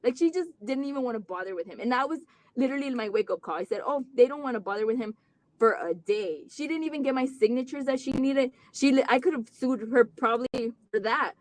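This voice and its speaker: A woman whose voice sits high speaks briskly as a parent guest in a live interview. Her candid, earnest account of her family comes out in long, run-on sentences full of "like" fillers, and she gets especially animated when retelling conversations.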